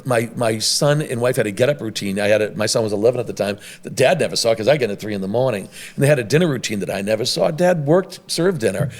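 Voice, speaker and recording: Fast-talking man telling rambling stories. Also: mid-range voice. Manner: rambling, animated storyteller with many restarts. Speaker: restaurant owner and guest. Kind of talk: conversational podcast storytelling.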